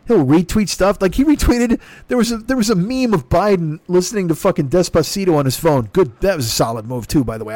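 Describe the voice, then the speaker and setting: A man hosting a podcast, delivering a profane, exasperated comedic rant in an animated, sweary way. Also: a little high, no echo. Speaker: podcast host.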